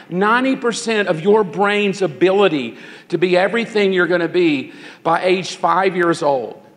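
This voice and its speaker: A middle-aged man preaching a sermon at a youth conference, his voice pitched high for a man. His delivery is brisk and animated. The sound carries a long reverb from a church sanctuary. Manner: quick, animated preaching with mimicked voices of teens. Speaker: guest speaker at a youth conference.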